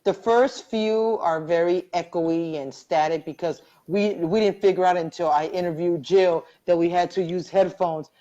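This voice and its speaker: A woman with a low voice hosts a live online chat, earnest and devout, repeating herself and starting over as she speaks from the heart. She sounds close to tears. The audio is dull and lo-fi, like a video call. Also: fairly even intonation, normal speed, few pauses, mellow. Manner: heartfelt, religious, rambling with many restarts. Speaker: host.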